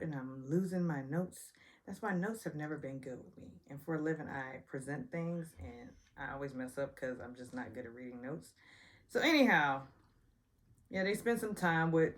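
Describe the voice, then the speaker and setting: Low-voiced sassy woman recapping TV. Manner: chatty, sassy, self-deprecating about stumbles. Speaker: reality TV recap host. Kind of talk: casual episode review.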